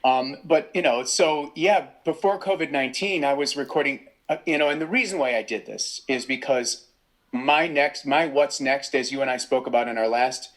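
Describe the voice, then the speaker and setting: A man and voice actor, a guest in a casual interview, telling animated stories and acting out the people he quotes. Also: mid-range voice, normal speed. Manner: animated anecdotes with acted-out quotes. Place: home recording studio.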